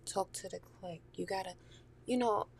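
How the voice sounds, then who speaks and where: A woman's voice: medium pitch, normal speed, gravelly, a little mellow, husky. A woman talking candidly and profanely in a casual chat, laughing often and dropping into whispery asides.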